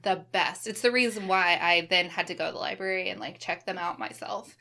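A woman in her thirties in casual chat, relaxed and enthusiastic, swearing now and then. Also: lowish voice, brisk.

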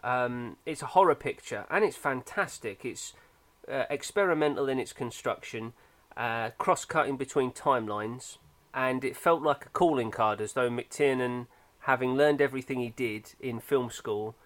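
A man's voice: medium pitch, normal speed, hardly any pauses, a bit bright. A man, chatting about films in a thoughtful, opinionated way with frequent fillers. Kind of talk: casual film discussion.

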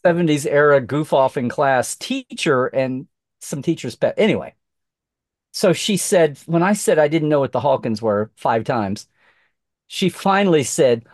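Animated middle-aged man telling a story. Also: fairly high pitch, a little slow, no echo, studio quality. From Oklahoma. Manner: animated, acts out quoted voices, many restarts. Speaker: podcast guest. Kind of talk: casual storytelling chat.

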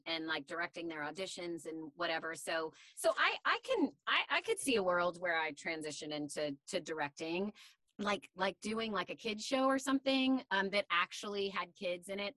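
A woman from Tennessee who works in voiceover talks unhurriedly as a podcast guest, circling back and restarting her thoughts. Her voice is bright and fairly low for a woman. The recording is close and dry. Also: no echo. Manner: rambling, full of fillers and restarts. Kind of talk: casual conversational interview.

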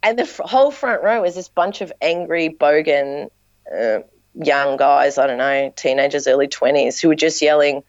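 A woman with an Australian accent, a dance teacher and performer, telling animated stories in casual podcast chat. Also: sits low, moderate pace, dry recording, dull audio. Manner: animated storyteller, acts out quotes.

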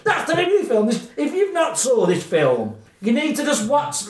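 A man in a casual film chat, laughing often and agreeing quickly. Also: very high-pitched, huge pitch swings, reverberant.

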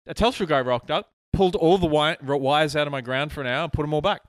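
A man co-hosting a gaming podcast chats casually in a studio, rambling through a story and laughing easily. His voice sits on the high side and moves fast, recorded cleanly on a podcast mic with no echo.

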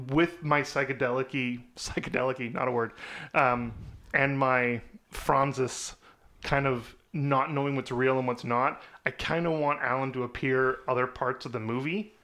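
A man talks through his picks on a relaxed podcast, full of ums and little laughs. His voice sits at an ordinary middle pitch. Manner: rambling, filler-heavy, laughs often. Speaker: podcast co-host. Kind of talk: casual chat.

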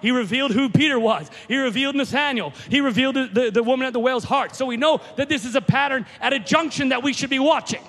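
A man preaching a sermon, retelling a story with fervent storytelling that rises to shouts. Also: extremely high pitch, fast, hardly any pauses. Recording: long reverb of a large hall.

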